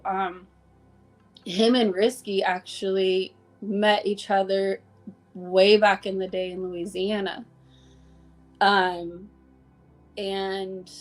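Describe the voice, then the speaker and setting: A woman guest in a casual conversation, telling heartfelt stories about coworkers, acting out the dialogue and using plenty of "like.". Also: medium pitch. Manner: heartfelt storytelling, acting out dialogue, many "like" fillers. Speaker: interview guest.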